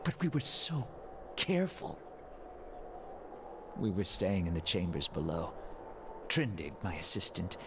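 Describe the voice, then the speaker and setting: A man voicing a hunched, decaying, half-mad male scholar in a game, speaking in broken, halting bursts. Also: fairly low pitch, heavily acted. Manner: broken, halting, fervent delivery. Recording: audible background hiss.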